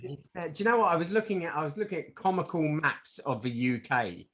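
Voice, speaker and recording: A man's voice: fairly high pitch, lively intonation, brisk, fairly bright tone, a little hiss or hum. A man co-hosting a podcast, riffing playfully and slipping into mock voices. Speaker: podcast co-host. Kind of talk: casual chat.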